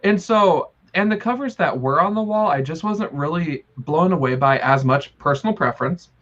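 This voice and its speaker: A man co-hosting a casual chat, talking excitedly with lots of fillers. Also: on the high side, normal speed, lo-fi sound. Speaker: co-host.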